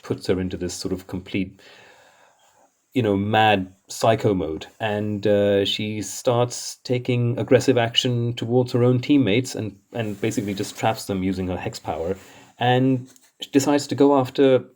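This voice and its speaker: A man's voice: on the low side, steady tone, measured pace, a little mellow. A man hosting comics commentary in a casual, rambling way, exasperated and chuckling often.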